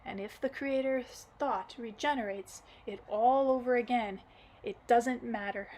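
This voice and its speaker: Brash bragging brother guy, read out by a woman, kinda high voice, punchy. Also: measured pace, darkish tone, poor audio. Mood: boastful. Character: boastful, brash dark-haired man, a brother.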